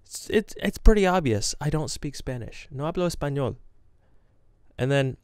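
A man's voice: a little high, expressive, moderate pace, clear, resonant tone, no room sound. A young man chatting casually to his camera, telling rambling, self-deprecating stories about work and games. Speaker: gaming vlogger. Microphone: camera with green screen.

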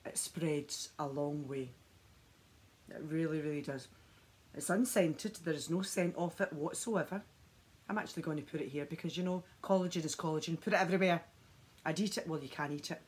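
A beauty vlogger with a husky, low voice films herself at home, chatting enthusiastically straight to the camera while demonstrating products. She talks a little fast, and the sound comes through the camera mic.

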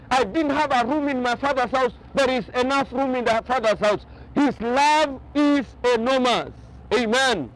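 A man's voice: very high-pitched, low-quality recording. A man preaching a sermon as a pastor, speaking emphatically and repeating key phrases. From Kenya. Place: outdoors on a boat by the ocean.

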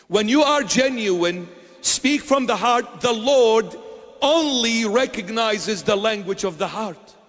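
A man's voice: sits high, expressive, takes it slowly, fairly bright tone, big-room sound. A man preaching a sermon as a bishop, emphatic, firing off repeated rhetorical questions.

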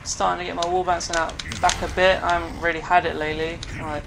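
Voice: medium pitch, little pitch movement, quick pace, creaky, background noise. A gamer giving live commentary on their own play, groaning often and swearing at opponents on screen. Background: game music.

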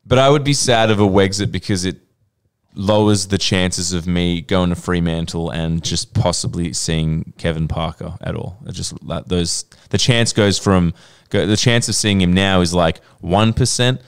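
A young man, animated and laughing often in casual podcast chat. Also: low voice, normal speed, clear, resonant tone. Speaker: podcast co-host.

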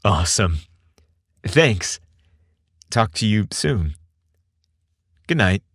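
A man doing a young male skater in a storybook reading. He sounds sweet, eager and a little nervous. The sound is dry and close, and the voice moves lively. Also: lowish voice, extremely slow, no room sound, exaggerated voice.

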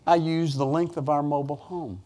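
A man preaching a sermon, telling folksy stories with sudden rises in pitch and volume. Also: steady tone, fairly quick, dark tone. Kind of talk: sermon storytelling.

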